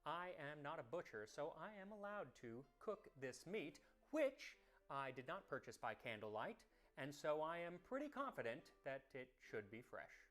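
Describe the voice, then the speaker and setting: A man's voice: on the high side, sing-song, moderate pace, a bit bright, soft background music. Chatty man tasting and explaining. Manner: chatty, thinks aloud while tasting; curious, enthusiastic about history. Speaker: cooking history show host. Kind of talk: tasting commentary to camera.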